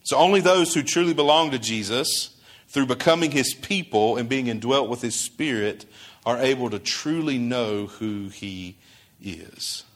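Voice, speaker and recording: A man's voice: medium pitch, expressive, unhurried. A male pastor preaching a sermon in a conversational way, asking his congregation questions and acting out quoted dialogue.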